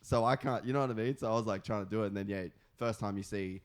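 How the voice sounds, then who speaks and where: A man's voice: lowish voice, fast. A man in his twenties with an Australian accent, chatting casually on a podcast, rambling with lots of fillers and frequent swearing. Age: 20s.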